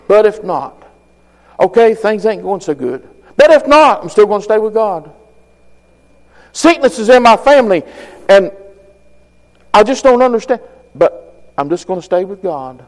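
A man delivers a fervent sermon in a high voice, folksy and plain-spoken. He swells louder and higher on the key phrases. The sound carries a long hall reverb. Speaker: preacher.

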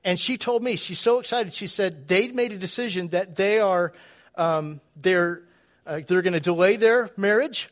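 A man's voice: high-pitched, normal speed, a bit bright. A middle-aged man preaching a sermon in a church, in a conversational way with chuckling asides and frequent restarts. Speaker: pastor.

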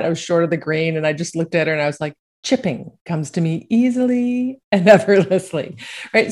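Low-voiced woman coaching golfers. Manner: conversational, frequent "right?" tags, laughs while telling stories. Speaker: golf coach. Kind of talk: casual talk.

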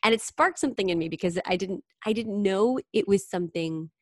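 A woman singer and impressionist, telling stories in an animated, chatty way during an interview. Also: medium pitch, fairly quick, no echo, clean studio sound. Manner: animated, chatty storyteller who briefly slips into singing impressions. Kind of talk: interview conversation.

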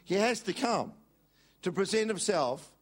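An energetic male preacher with a fairly high voice. He delivers a sermon, urging the congregation to call words back to him. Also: measured pace. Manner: lively, calls on congregation to repeat words.

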